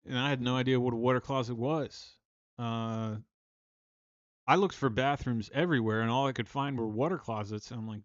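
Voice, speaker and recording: A man's voice: mid-range voice, fairly even intonation, normal speed, no echo, lo-fi sound. A man from Maryland hosting a casual livestream, rambling, self-deprecating and restarting his sentences. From Maryland, USA. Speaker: livestream host and songwriter.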